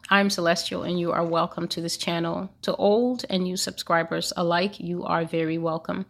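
Lady preacher on her channel, lowish voice, earnest and repetitive. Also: flat delivery, moderate pace, gravelly. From United States. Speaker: host of a prophecy channel. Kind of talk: spoken sermon to camera.

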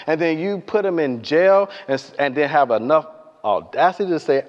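A man's voice: fairly high pitch, brisk. Preacher man in a reverberant hall. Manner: animated storytelling, acting out voices and asking the congregation questions. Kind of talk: sermon. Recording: dull lo-fi sound with long hall reverb.

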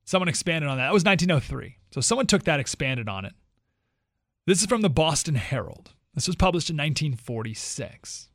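A man hosts a talk radio show and reads a story aloud to his listeners. His voice sits a bit high and swings widely in pitch. The sound is dry and close. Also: dry recording. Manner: animated storytelling with quick asides.

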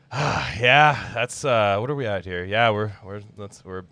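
A man's voice: lowish voice, lively intonation, bright, forceful tone, no echo. A young man co-hosting a casual podcast, rambling and swearing, often breaking into mocking impressions of people. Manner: rambling, profane, quick to slip into mocking impressions. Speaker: podcast co-host.

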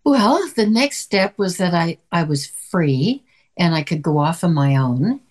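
A woman's voice: on the low side, measured pace. Chatty older woman telling stories. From Canada. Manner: chatty, animated storytelling with quoted voices. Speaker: actress guest. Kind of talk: conversational interview.

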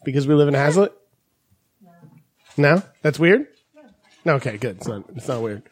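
A man's voice: a little high, sing-song, normal speed. A man hosting a casual podcast from New Jersey, joking and teasing his guests with plenty of swearing. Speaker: podcast host. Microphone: studio mic.

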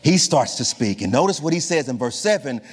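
A pastor preaching a sermon with passion, repeating words for emphasis and swinging his voice from low to high. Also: sing-song, brisk, husky, in a large hall. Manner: impassioned preaching with repetitions and wide swings in pitch.

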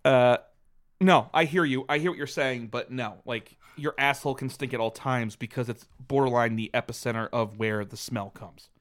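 A man's voice: mid-range voice, normal speed. A man hosting a podcast in casual chat, swearing freely and laughing often. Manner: profane, animated, laughs often. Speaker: podcast host.

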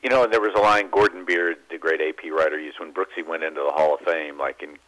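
A man guest on a sports radio talk show, telling animated baseball anecdotes and mimicking the people in them. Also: very deep voice, fast. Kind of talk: phone-in radio interview, storytelling. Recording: phone line.

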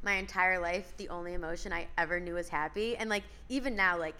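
Bright-voiced young woman, earnest chat. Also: lowish voice, fast. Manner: earnest, fills speech with "like". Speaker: speaker and podcast guest. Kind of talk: casual chat.

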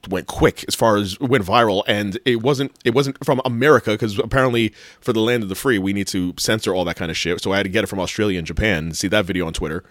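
Casual podcast co-host, male, lowish voice, rambling and animated, dry close sound. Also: fast, few pauses, no room sound. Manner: rambling, animated, self-correcting, swears casually. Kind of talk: casual chat.

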